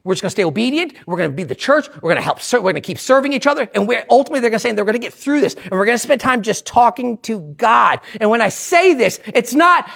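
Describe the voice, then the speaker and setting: A woman pastor preaching a sermon in an animated way, swinging between loud bursts and hushed asides. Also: high-pitched, fast, creaky, few pauses, breathy edge.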